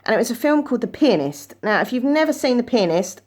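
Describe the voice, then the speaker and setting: A woman's voice: sing-song, quick pace, a little mellow. Earnest chatty woman. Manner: earnest, chatty, rises in pitch when quoting herself. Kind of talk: personal storytelling to camera.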